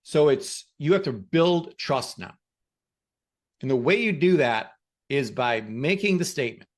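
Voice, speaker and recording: A man hosting a podcast who gives a motivational talk and tells stories in an emphatic, animated way. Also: mid-range voice, normal speed. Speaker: podcast host.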